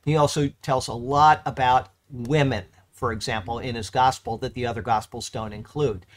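A man teaching verse by verse through a Bible letter, halting and correcting himself, then pressing points with emphasis. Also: mid-range voice, fairly even intonation.

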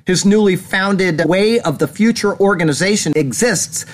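A man's voice: sits high, moderate pace. A man hosting a casual commentary show, rambling and retelling stories with laughs. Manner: rambling, animated storytelling with laughs. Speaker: host.

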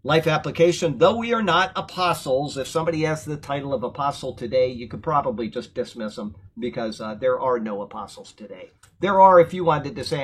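A man teaching a Bible lesson, explaining words verse by verse and drifting into relaxed, chatty tangents. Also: medium pitch, brisk, a little hiss or hum, rough recording. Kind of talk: verse-by-verse Bible commentary with casual asides.

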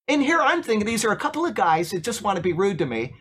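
A man's voice: sits high, very fast, few pauses, breathy edge. A man preaching an informal sermon, telling a story and asking the congregation questions. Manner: storytelling, asks the room questions, repeats words when excited. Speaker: pastor.

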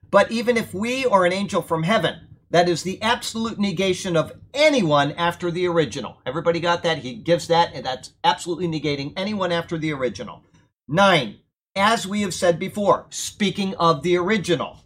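A man's voice: high voice, expressive, moderate pace, a bit bright. Conversational man preaching a verse-by-verse sermon. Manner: conversational, emphatic, checks in with listeners. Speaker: preacher teaching from Bible.

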